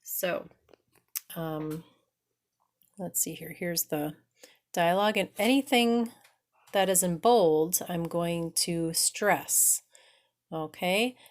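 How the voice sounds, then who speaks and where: A woman teaching pronunciation at an unhurried, deliberate pace. Her voice sits fairly low, and she often checks in with her learners. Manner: patient, slow, frequent "okay?" checks. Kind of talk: English pronunciation lesson.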